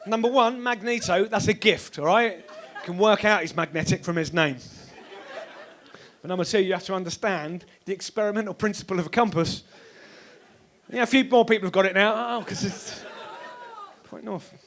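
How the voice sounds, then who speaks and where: A man performing a sweary, animated stand-up comedy set on a club stage, now and then bursting into shouts. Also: high-pitched, normal speed, a faint crowd. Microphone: stage microphone.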